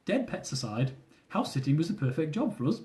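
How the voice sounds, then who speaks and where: A man reading his own comic travel memoir aloud, with animated delivery. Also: fairly high pitch, fairly quick. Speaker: author.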